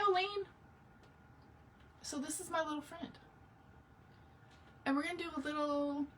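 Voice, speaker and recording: A woman's voice: a little high, sharp tone, distant mic, a little hiss or hum. Chatty woman hosting a craft livestream. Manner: chatty, greets viewers by name between steps. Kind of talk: casual live craft tutorial.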